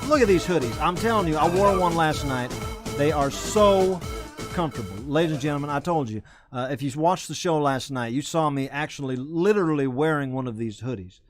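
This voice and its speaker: A man's voice: a little high, expressive, fast talker, hardly any pauses, soft background music. A man hosting a comedy web show, rambling and self-correcting while hyping merchandise like a salesman. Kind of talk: rambling comedic live-stream chat.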